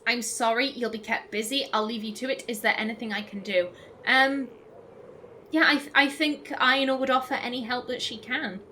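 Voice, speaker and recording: A woman's voice: on the high side, fairly even intonation, moderate pace, pushed and bright, slight background noise. A woman hosting a casual let's play, chatting enthusiastically over gameplay with plenty of fillers and restarts.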